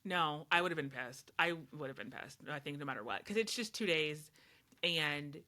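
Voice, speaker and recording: A woman's voice: low-pitched, lively intonation, moderate pace, pushed and bright. A woman co-hosting a podcast, chatting casually and telling stories bluntly, getting fired up as she talks. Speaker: podcast co-host. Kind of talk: casual chat.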